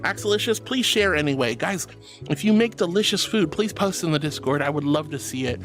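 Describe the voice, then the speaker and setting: Male streamer, high-pitched and sweet, reads chat and thanks fans with pet names, faint music behind. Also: fairly quick. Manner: affectionate, calls viewers honey and darling; bursts into excited high squeals. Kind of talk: livestream chat reading.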